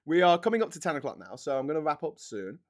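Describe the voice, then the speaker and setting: A man with a Scouse accent hosting a casual live stream, ranting in an opinionated way with sudden loud outbursts. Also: fairly high pitch, sing-song, fast. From England.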